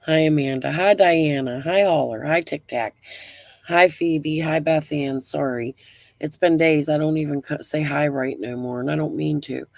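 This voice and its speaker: A woman's voice: low voice, moderate pace, creaky, darkish tone, no room sound. A middle-aged woman hosting a casual live stream. She talks bluntly, rambles, swears freely and breathes heavily.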